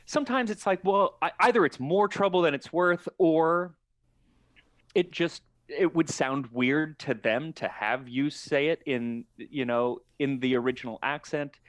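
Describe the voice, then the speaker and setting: A man talking as a podcast guest in casual chat, measured and thoughtful, often restarting his sentences. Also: fairly high pitch, a bit bright, no echo, clean studio sound.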